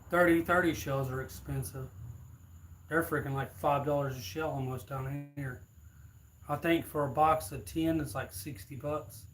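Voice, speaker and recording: A man's voice: on the high side, a little hiss or hum, rough recording. A man, hosting a livestream and telling rambling, folksy stories to his viewers. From Florida, USA. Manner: rambling, folksy, plain-spoken. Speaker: livestream host. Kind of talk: casual storytelling to viewers.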